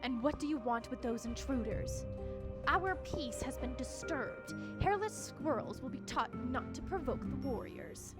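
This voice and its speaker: A woman's voice: sits high, expressive, a little slow. A woman voicing a stern, hostile squirrel warrior guarding its land, with game music behind. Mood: accusing. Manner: haughty, accusing.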